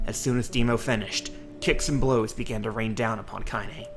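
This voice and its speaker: A man's voice: fairly low pitch, steady tone, normal speed, vocal fry, music in the background. A man reading a novel aloud as an audiobook, narrating steadily. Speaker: audiobook reader.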